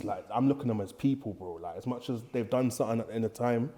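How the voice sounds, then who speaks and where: A man's voice: mid-range voice, fast, warm tone. A young man with a Bristol accent, telling stories in a casual chat in street slang and acting out the people he quotes. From England. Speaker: podcast guest, prison officer.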